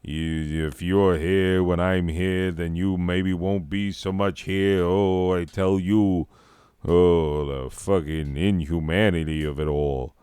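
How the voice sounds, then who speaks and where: A man voicing a put-upon, grumbling ancient Greek man, in a low, halting mutter. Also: steady tone, dark tone, clear, resonant tone, dry recording, clean studio sound.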